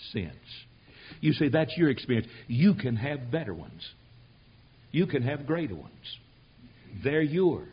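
An older man, a missionary preacher, delivering a sermon that swings from shouted climaxes to quiet storytelling. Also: mid-range voice, breathy edge. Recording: dull lo-fi sermon recording.

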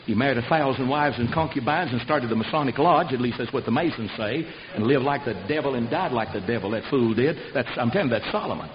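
Fiery older preacher, lo-fi. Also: male voice, medium pitch, expressive, fast, few pauses. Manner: folksy, fiery, preaching with sudden loud shouts. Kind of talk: sermon. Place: church service. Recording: dull lo-fi recording with hiss.

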